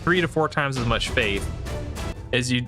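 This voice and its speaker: A man talks through his thoughts on a game in a loose, rambling way, often stopping to restart a sentence or reach for a filler. His voice sits at an ordinary middle pitch. Soft music plays faintly underneath. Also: animated, moderate pace. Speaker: gaming video creator. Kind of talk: casual thinking-aloud commentary.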